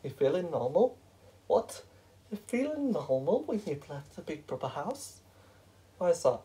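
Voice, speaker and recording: A hoarse host of a fan-made reality show, chatty and rambling, correcting themself as they go. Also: mid-range voice, sing-song, measured pace, dark tone, poor audio. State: hoarse, sore throat.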